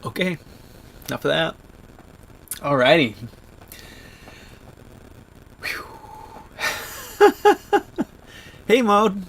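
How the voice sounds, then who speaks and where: A man in his thirties talking to viewers on a livestream, choked up and halting, with many restarts. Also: on the high side, animated, gravelly, a bit bright, a little hiss or hum. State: choked up, near tears. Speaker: vlogger on a livestream. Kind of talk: emotional livestream chat.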